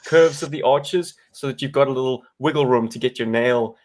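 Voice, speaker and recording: A man's voice: medium pitch, normal speed. A man co-hosting a casual live-stream chat, speaking in long, wordy, presenter-like sentences. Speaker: podcast co-host.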